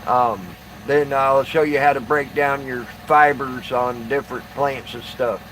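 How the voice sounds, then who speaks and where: A man chatting casually to a live stream audience, halting with many fillers and restarts. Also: mid-range voice, fairly even intonation, a bit bright, slight background noise, rough recording.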